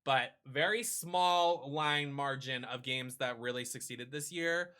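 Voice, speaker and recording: A man hosting a casual chat with his partner, talking in an animated, profane, ranting way. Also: mid-range voice, slow pace, smooth. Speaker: streamer host.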